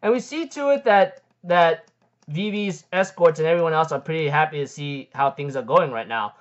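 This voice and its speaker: A man with a fairly high voice recaps a manga chapter in a casual, meandering way. He keeps stumbling into "like, um" and tosses in "freaking" for emphasis. The recording is dull and lo-fi. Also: fairly bright tone. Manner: rambling, heavy on "like, um" fillers and "freaking".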